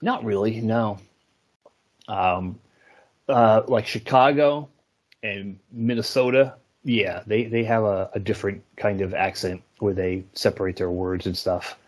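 A middle-aged man from New York chats casually on a podcast. His low voice is husky and a little rough, and he wanders through his thoughts, often stopping to hunt for a word. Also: steady tone, measured pace. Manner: rambling, hesitant, searches for words. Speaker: podcast co-host. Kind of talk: casual chat.

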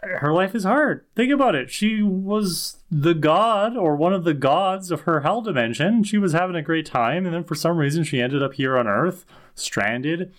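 A man with a slightly higher voice, co-hosting a relaxed podcast. He builds his argument out loud and keeps checking in with his co-host. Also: moderate pace, hardly any pauses. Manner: reflective, argumentative, says "right?" often. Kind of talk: casual analytical chat.

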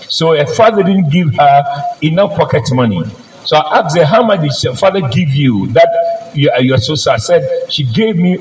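Male preacher, lively storyteller voice with wide swings in pitch, recorded in an echoey church. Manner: personal storytelling, calls for amens. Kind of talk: sermon. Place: church service.

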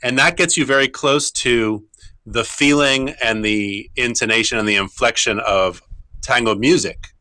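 A middle-aged man with a bright, forward voice gives explanatory interview answers as a guitar teacher. He talks thoughtfully, often stopping and restarting his sentences. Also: mid-range voice. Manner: thoughtful, halting, with frequent restarts.

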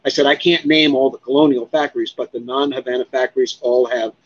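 A man telling a story as an interview guest, animated and profane, acting out what others said. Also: mid-range voice, quick pace, highs cut off. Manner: animated, profane, acts out other people's lines. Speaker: guest, cigar expert.

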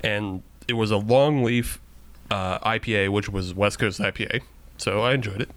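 A man's voice: on the low side, moderate pace, fairly bright tone. Jokey man hosting a beer podcast. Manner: jokey, laughs often. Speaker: podcast host. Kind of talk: casual beer-tasting chat.

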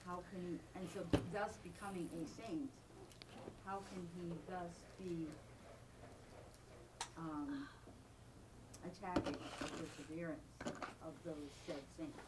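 Woman student, slow, hesitant question, heard from a distance. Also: fairly low pitch, steady tone. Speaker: student in class. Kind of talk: asking a question in class. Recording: distant mic, noisy room.

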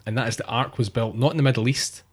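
Guy spinning a crude funny monster tale, deadpan asides. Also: medium pitch, fast, breathy edge. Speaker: podcast co-host telling a monster story. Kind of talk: comic storytelling.

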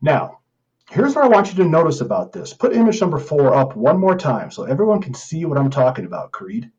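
A man's voice: a little high, sing-song, fairly quick, a little mellow, dull audio. A man hosting a podcast, talking in an indignant, emphatic way as he reads online comments aloud and answers them. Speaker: podcast host.

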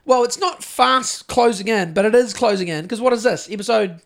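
Casual podcast host, New Zealand man, high voice, rambly and sweary. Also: a little fast, gravelly, a bit bright. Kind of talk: casual chat.

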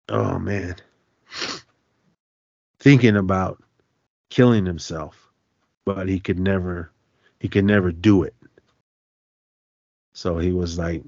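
A man's voice: on the low side, dry recording. A man hosting a podcast, casually retelling a film's plot in a loose, rambling way with lots of fillers and restarts. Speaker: podcast host. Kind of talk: casual movie recap. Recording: dull, dry lo-fi sound.

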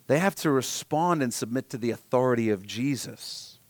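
A man preaching a sermon, swinging from hushed, near-whispered lines to loud, emphatic passages. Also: medium pitch, animated, moderate pace, no echo. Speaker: pastor.

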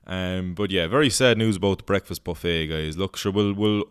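Irish male podcast host, low and smooth, dry booth sound; loose comic rambler who swears freely. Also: moderate pace, no echo. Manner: rambling, swearing, goofy put-on voices. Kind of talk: casual comedic monologue.

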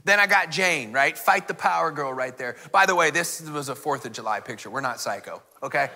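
Man, 40s, pastor, bright and a bit high, acts out the dialogue, long hall reverb. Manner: storytelling, acts out family dialogue, addresses congregation directly. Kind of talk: sermon with personal story.

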